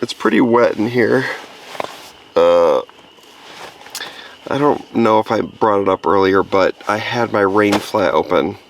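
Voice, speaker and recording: A man's voice: fairly low pitch, measured pace, creaky, pauses often, slight background noise. A man vlogging on a wilderness camping trip, coaxing his dog in a sing-song voice and chatting casually. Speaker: outdoor vlogger. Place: outdoors in the woods at a campsite.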